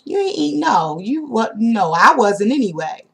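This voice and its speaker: Animated woman telling a storytime. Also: fairly high pitch, measured pace, creaky, husky. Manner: animated, slangy, speaks directly to viewers. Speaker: vlogger. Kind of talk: casual storytime.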